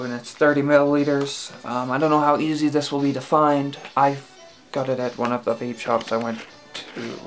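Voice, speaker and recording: A casual product reviewer at home, talking in a hesitant, rambling way with lots of fillers and restarts. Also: mid-range voice. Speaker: e-liquid reviewer.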